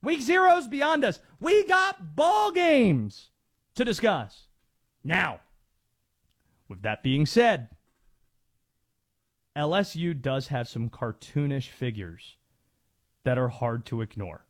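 Brief: male sports talk host, emphatic and mocking, unhurried with a deliberate delivery. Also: a little high, sing-song, fairly bright tone. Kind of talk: sports talk radio rant.

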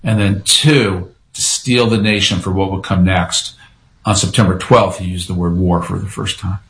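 A man's voice: deep voice, normal speed, poor audio. A man being interviewed on a radio show, telling a story vividly and acting out the quotes. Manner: animated storyteller who acts out quotes. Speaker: radio show guest, former press secretary.

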